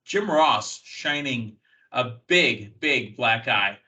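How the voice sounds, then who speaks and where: A man from the United States hosting a wrestling news podcast, chatty and filling pauses with uh and you know. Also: mid-range voice, animated, bright, forceful tone, poor audio. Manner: chatty, thinks aloud with many fillers. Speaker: podcast host. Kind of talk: casual wrestling news talk.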